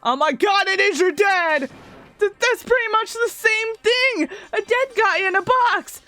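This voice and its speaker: High, excitable young woman gamer. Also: a little slow. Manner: excitable, gasping and squealing. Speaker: gaming channel host. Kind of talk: excited let's-play commentary.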